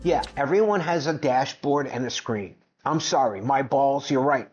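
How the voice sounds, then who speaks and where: A man's voice: medium pitch, normal speed, a little mellow, soft background music. A man giving brash, mocking commentary on finance clips, boastful and combative. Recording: dull lo-fi sound.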